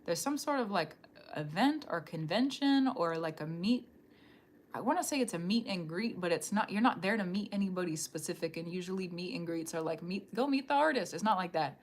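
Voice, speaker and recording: A woman giving a live-streamed psychic reading from a room at home, talking straight to the viewer in a loose, rambling, animated way. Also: fairly low pitch, fairly quick. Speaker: tarot reader.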